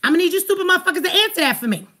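Angry, high bright-voiced woman ranting. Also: animated, rapid-fire. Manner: angry, profane, confrontational, rhetorical questions. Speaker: livestream host. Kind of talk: heated livestream rant.

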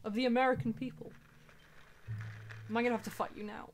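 A woman giving casual, excitable commentary while playing a video game, swearing and shrieking at what happens on screen. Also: fairly high pitch, fast, a little hiss or hum. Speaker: let's play gamer. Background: game music.

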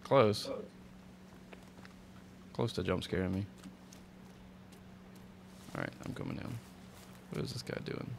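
Gaming streamer, male, low gravelly voice, relaxed banter, noisy stream audio. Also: slow pace, pauses often. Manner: relaxed, easily startled, mild exclamations. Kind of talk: casual gameplay chat.

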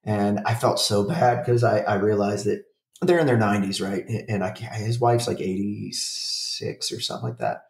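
A man's voice: lowish voice, animated, moderate pace, creaky, reverberant, far from the mic. A man in his forties telling a rambling, profane story in a casual podcast chat. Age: 40s. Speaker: podcast co-host.

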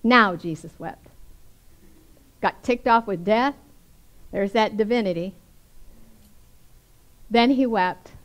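A woman's voice: mid-range voice, slow pace, long pauses, poor audio. A woman preacher giving a sermon, reading scripture aloud and then commenting on it in a chatty way, often ending with tag questions.

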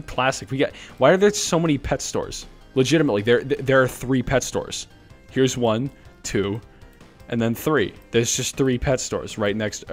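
Excitable gamer guy, lowish voice, goofy commentary, voice shoots way up when he's baffled, soft music behind. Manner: excitable, jokey, voice jumps up high when baffled. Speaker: gaming YouTuber. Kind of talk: playful gameplay commentary.

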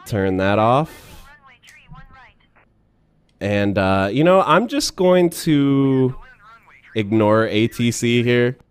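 A man's voice: medium pitch, animated, extremely slow, pauses often, clear, resonant tone. A man hosting a gaming video, giving casual, enthusiastic commentary with rambling asides and many fillers.

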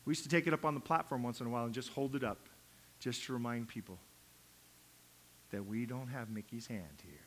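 A male pastor preaching a sermon, acting out quotes and swinging from hushed asides to loud, urgent lines. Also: mid-range voice, brisk, pauses often, a little hiss or hum.

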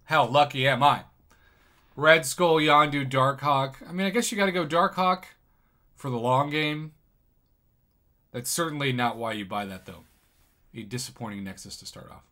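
A man commentating on someone else's game crystal openings, excitable and jokey, with sudden loud bursts of surprise. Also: mid-range voice, moderate pace, long pauses. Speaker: gaming commentator.

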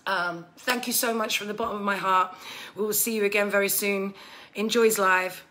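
A woman with a bright, forceful voice speaks into a phone on a live stream. She gushes thanks to her viewers, full of ums, and sounds emotional. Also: medium pitch, fairly even intonation, moderate pace. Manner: gushing, warm thanks with many fillers. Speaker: bar owner hosting a live stream.

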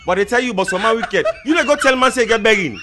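A man's voice: extremely high pitch, expressive, quick pace, very noisy. A man from Sierra Leone with a Krio accent, telling stand-up jokes in Krio-flavored English and acting out the people in them. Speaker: comedian.

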